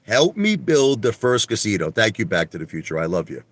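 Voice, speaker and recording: A man's voice: fairly low pitch, sing-song, fairly quick, no echo. Guy ranting on his live stream at home, voice jumping all over, dry close sound. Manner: emphatic, repetitive, swears mildly. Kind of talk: casual live stream rant. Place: indoors at home.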